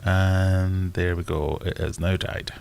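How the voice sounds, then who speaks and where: Deep-voiced Scottish man rambling on a live stream. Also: fairly even intonation, slow, gravelly, darkish tone. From Scotland. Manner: rambling and self-mocking, thinks aloud. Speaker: aquarium channel host. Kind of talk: casual live-stream chat.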